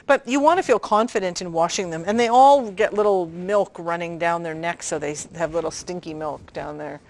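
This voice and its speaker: A woman's voice: lowish voice, moderate pace, a little mellow. A woman midwife teaching a prenatal class, talking hands-on and checking in with her listeners. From Canada. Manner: chatty, demonstrative, often checking in with "okay?".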